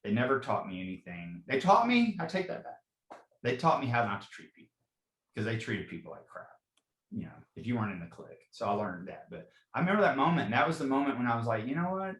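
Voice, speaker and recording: Very animated and quick, a fire captain in his forties uses a mid-range, fairly bright voice as he earnestly tells personal stories in a podcast interview. It's reverberant with poor audio. He repeats himself and says "you know" a lot.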